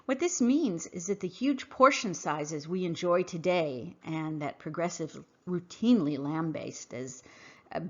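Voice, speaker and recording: Low-voiced woman podcaster, emphatic monologue. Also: highs cut off. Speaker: podcast host. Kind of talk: scripted monologue read aloud.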